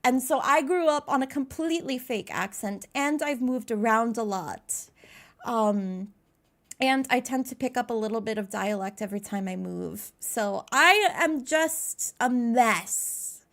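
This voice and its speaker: A woman's voice: a little high, expressive, measured pace, a bit bright. A young American woman streaming live, chatting casually, greeting viewers by name and laughing at herself. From United States.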